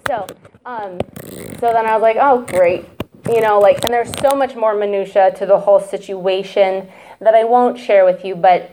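A woman's voice: mid-range voice, unhurried, long pauses, background noise. Woman, 30s, church testimony speaker, candid and emotional, conversational delivery. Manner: candid, chatty, emotional, fillers and asides. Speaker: church member giving a testimony. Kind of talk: personal testimony talk.

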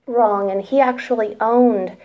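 Giving a testimony as a church member, a woman in her 30s speaks unhurriedly with a high, steady voice, captured in dull-sounding audio. Her talk is candid, emotional and conversational, with fillers and asides throughout.

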